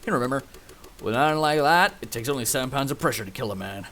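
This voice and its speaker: A man's voice: medium pitch, lively intonation, fast talker, a bit bright, slight background noise. A man doing a grizzled Texan cowboy narrator. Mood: grave. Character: grizzled male cowboy narrator, low and grave. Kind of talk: game narration read aloud.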